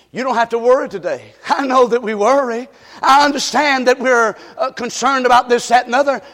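High-voiced fervent male preacher. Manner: fervent, repetitive calls to the congregation, often shouting. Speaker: pastor. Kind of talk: sermon. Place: church sanctuary. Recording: long reverb of a church hall.

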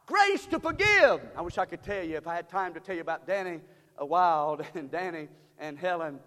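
A middle-aged man preaching a sermon as pastor, swinging from hushed talk to shouting. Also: on the high side, steady tone, brisk. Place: church sanctuary. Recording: long reverb of a church hall.

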